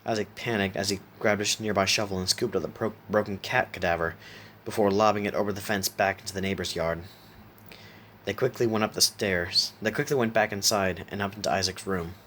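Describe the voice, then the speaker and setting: A man reads a horror story aloud in a low, steady voice, sometimes stopping to correct himself. A faint hiss sits behind the voice. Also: fairly quick. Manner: steady reading with small self-corrections. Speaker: narrator.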